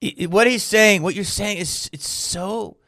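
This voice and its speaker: A man hosting a podcast interview, talking in a casual, animated and emphatic way as he tells stories. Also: sits high, measured pace, no room sound, clean studio sound. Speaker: podcast host.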